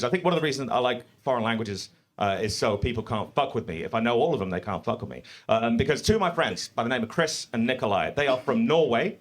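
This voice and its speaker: A man doing a live stand-up set in a comedy club, profane and animated, speaking into a stage mic. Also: medium pitch. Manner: profane, animated, mock-confident.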